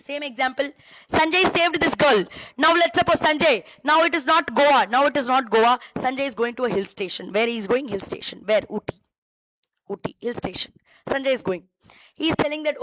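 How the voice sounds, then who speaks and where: A woman's voice: on the high side, racing, fairly bright tone, no echo, poor audio. A woman teacher with a Tamil-influenced Indian English accent, giving a law lecture, repeating key phrases and quizzing students by name.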